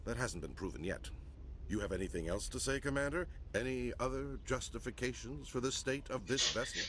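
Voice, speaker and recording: An actor playing a stern, skeptical military officer in a video game, clipped and challenging. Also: male voice, mid-range voice, a little fast, heavy background noise, close to an everyday voice.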